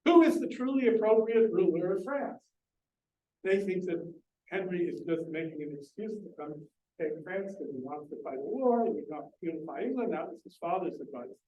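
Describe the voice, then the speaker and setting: A man with a high, mellow voice lectures earnestly on Shakespeare in a library meeting room, speaking briskly and animatedly and putting questions to his audience. The lo-fi sound has a little hiss or hum, and the distant mic picks up an echoey room.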